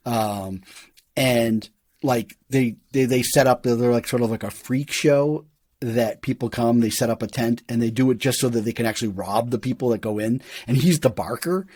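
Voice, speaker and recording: A man hosting a podcast in casual chat, retelling scenes with lively enthusiasm. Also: medium pitch, moderate pace, no room sound. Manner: animated storyteller who acts out quotes and laughs often. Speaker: podcast host.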